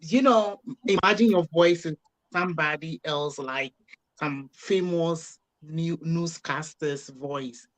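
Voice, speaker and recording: Halting Ghanaian man, higher voice. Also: a bit bright, rough recording. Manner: halting, many restarts. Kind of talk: casual discussion.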